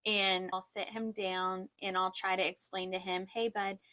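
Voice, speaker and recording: A woman's voice: medium pitch, level tone, normal speed, sharp tone. Earnest woman in her thirties. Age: 30s. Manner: earnest, reflective, laughs often. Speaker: podcast co-host. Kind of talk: casual faith-based chat.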